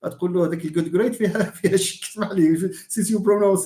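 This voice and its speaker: A man with a Moroccan accent, a native Moroccan Arabic speaker, teaching an animated live English lesson and acting out his examples. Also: sits high, rapid-fire, hardly any pauses. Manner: animated, mixes English and Arabic, acts out stress examples with a laugh. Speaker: English lecturer. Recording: roomy echo.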